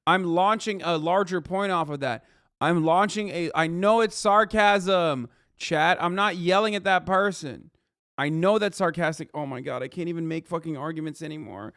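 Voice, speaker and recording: Profane, heated male streamer, crisp and dry. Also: a little high, normal speed, a bit bright, no room sound. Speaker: livestream commentator. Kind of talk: reacting to a news video with chat.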